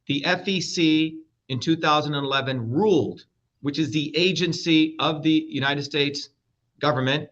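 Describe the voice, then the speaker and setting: Blunt, combative man, bright and lo-fi. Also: a little high. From India. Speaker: guest, presidential candidate. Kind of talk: heated interview talk. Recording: dull lo-fi audio.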